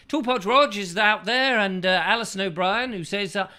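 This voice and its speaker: A man's voice: high voice, normal speed, few pauses, sharp tone. A man hosting a chat show, rambling through a whimsical, absurd comic monologue full of silly asides.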